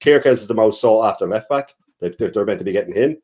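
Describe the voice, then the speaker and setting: A man's voice: lowish voice, expressive, fast, darkish tone. A man co-hosting a fan show, arguing bluntly and emphatically with some swearing. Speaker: co-host. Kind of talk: fast fan debate.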